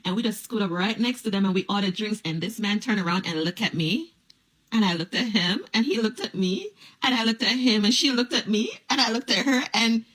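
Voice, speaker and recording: A woman casually telling a personal story to camera, playful and animated, acting out what people said. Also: mid-range voice, brisk. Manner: animated, playful, acts out quoted voices.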